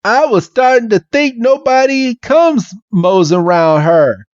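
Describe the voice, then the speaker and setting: A man's voice: extremely high pitch, expressive, a little slow, darkish tone, dry recording, lo-fi sound, pitched above the performer's own voice. A man putting on a hollering Southern drawl. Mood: folksy, bossy. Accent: put-on Southern American. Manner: hollering, drawling folksy talk. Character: folksy Southern male Pokémon expert.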